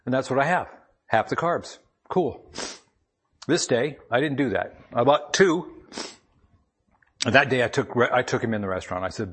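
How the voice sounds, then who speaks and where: A man's voice: mid-range voice, expressive, moderate pace, long pauses, fairly bright tone, slightly rough. A man giving a devotional talk to a gathering from up front, telling a personal story in a conversational, plainspoken way and reading scripture aloud.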